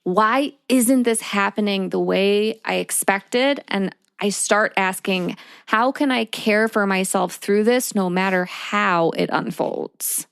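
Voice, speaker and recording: A woman in her thirties co-hosting a podcast, sharing personal reflections in a calm, measured way. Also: mid-range voice, creaky, clear, resonant tone, no room sound, clean studio sound. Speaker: podcast co-host. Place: small indoor room.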